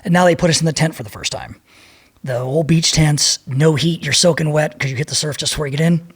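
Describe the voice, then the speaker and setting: A husky, slightly high male voice belongs to a former Navy SEAL in his fifties who talks fast. He's a podcast guest casually rambling through profane war stories.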